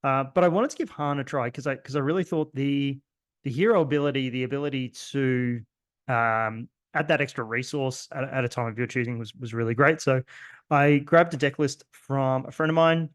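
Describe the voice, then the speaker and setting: A man's voice: mid-range voice, normal speed, no room sound, studio quality. A man with an Australian accent talks through his own card game in a rambling, self-deprecating way, full of fillers and restarts. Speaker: host. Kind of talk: casual gameplay commentary.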